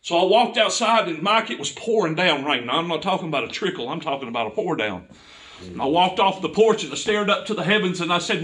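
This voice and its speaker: Brief: man preaching a testimony, fervent, higher pitch, bright timbre, a bit off mic. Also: expressive, fast talker, distant mic. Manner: impassioned storytelling, building to fervent cries. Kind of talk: sermon testimony.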